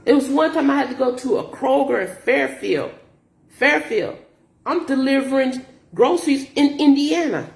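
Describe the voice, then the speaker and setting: A middle-aged woman who works as a grocery delivery shopper tells stories in a casual vlog, her high voice carrying vocal fry at a moderate pace in an echoey room. She vents about rude customers, repeating herself in an animated, exasperated retelling.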